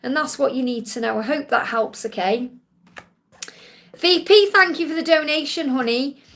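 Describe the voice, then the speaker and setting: High-voiced woman giving live spiritual readings. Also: normal speed, fairly bright tone. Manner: reassuring, repeats key points, calls viewers honey. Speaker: spiritual reader hosting a live Q&A.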